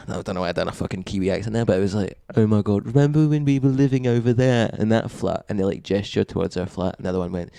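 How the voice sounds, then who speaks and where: A young Glaswegian man, a comedian guest, telling profane deadpan stories in casual podcast chat. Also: on the low side, very fast, creaky, few pauses, clean tone, no echo. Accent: Glaswegian Scottish. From Glasgow, Scotland.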